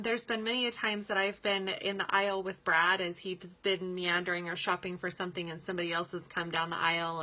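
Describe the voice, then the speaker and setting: A woman's voice: a little high, bright, forceful tone. A woman giving a casual coaching talk as a sales team leader. She sounds upbeat and chatty, laughs often and uses many fillers.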